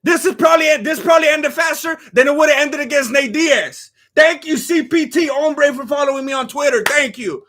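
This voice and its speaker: High-pitched, bright, ranting man. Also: a little fast, hardly any pauses. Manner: animated, ranting, often shouting; thanks followers by name between rants. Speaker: live fight companion streamer. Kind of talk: live reaction commentary.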